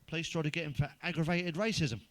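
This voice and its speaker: A man's voice: on the high side, fairly even intonation, quick pace, a bit bright. A middle-aged man telling blunt, sweary jokes in a rambling comic monologue, chuckling at his own punchlines. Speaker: stand-up comedian. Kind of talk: crude joke-telling monologue.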